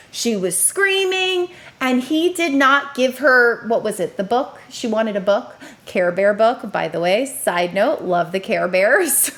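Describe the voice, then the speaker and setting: Lively woman educator reacting on camera. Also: on the high side. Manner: animated, acts out parents' and children's lines. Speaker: educator and parenting commentator. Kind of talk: casual reaction commentary.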